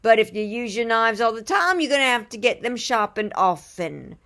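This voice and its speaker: A dry, joking knife sharpener man with a British accent, as a woman puts him on. He tells his sarcastic jokes in a high, bright voice with a deadpan edge. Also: normal speed, creaky. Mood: wry.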